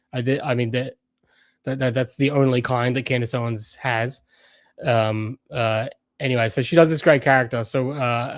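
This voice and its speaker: A man's voice: mid-range voice, dry recording, clean studio sound. A man hosting a livestream, talking casually with many fillers and restarts. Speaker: host.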